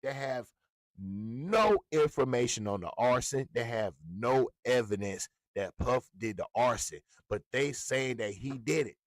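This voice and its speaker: A man's voice: medium pitch, expressive, measured pace, no echo, clean studio sound. A man ranting as a hip hop blogger, heated and profane, repeating himself for emphasis. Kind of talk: ranting commentary.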